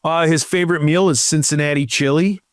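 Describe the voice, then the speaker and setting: A man's voice: a little high, steady tone, brisk, clear, resonant tone, no echo. A man co-hosting a casual podcast, reading out listener profiles and adding dry comments. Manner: reads listener profiles aloud with dry asides. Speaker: podcast co-host.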